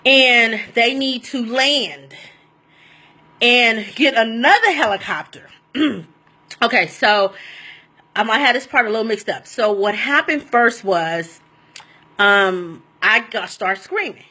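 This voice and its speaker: A woman telling a personal story in a casual, animated and rambling way, often laughing as she goes. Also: on the high side, slow pace.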